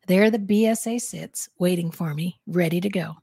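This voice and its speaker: A woman co-hosting a podcast, reading a novel chapter aloud and then discussing it in a measured, thoughtful way. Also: lowish voice, creaky, warm tone, husky, no room sound, studio quality. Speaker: podcast co-host and reader.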